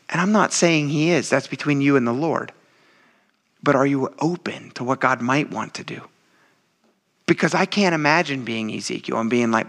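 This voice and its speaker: A man preaching a conversational sermon, animated and laughing often, dropping to low quiet asides and rising into excited stretches. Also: moderate pace, pauses often. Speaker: pastor.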